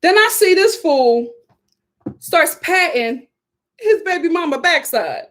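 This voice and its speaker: Sassy high-voiced woman reviewer. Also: lively intonation, slow pace, fairly bright tone. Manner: sassy, emphatic, laughing asides. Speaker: reality TV reviewer. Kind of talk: casual video commentary.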